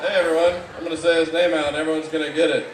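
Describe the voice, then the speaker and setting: A man's voice: a little high, level tone, rapid-fire, heavy background noise. Mocking man roasting from a distant mic. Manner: mocking, rambling, shifts into loud outbursts. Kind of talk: live stand-up roast set. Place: live event room. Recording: echoey room, distant mic, audible background.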